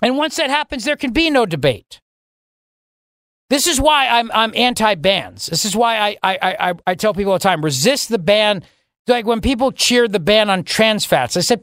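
Radio host guy ranting on his show, sarcastic and mocking, pitch jumps way up when he makes a point, dead dry studio mic. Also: moderate pace, a bit bright, no room sound. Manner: sarcastic, mocking, with sudden rises in pitch for emphasis. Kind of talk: political talk radio monologue.

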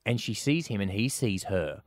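Low-voiced Australian host telling a story. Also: male voice, lively intonation, no echo, clean studio sound. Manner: chatty storyteller, quick to laugh. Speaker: podcast host. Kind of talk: casual comedic chat.

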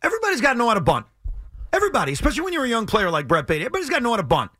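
A man's voice: very high voice, rapid-fire, dry recording. A man co-hosting sports talk radio, talking in an exasperated, emphatic way and repeating his points. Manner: animated, exasperated, emphatic repetition.

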